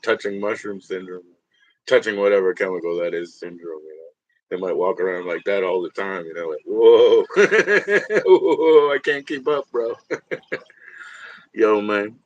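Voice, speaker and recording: Male livestreamer with a lowish voice, loose and profane, chatting and laughing with viewers. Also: dry recording, highs cut off. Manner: rambling, profane, laughs often, talks to viewers. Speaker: livestream host. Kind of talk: casual livestream chat.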